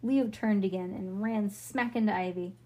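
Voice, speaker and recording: A woman's voice: medium pitch, fairly even intonation, moderate pace, dark tone. A woman reading a children's book aloud in a casual way, with slips and self-corrections. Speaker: storybook reader.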